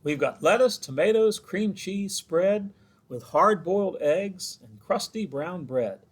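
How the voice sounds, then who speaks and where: A man's voice: high-pitched, expressive, measured pace. A man who is a children's librarian, reading a picture book aloud with chatty asides to the children.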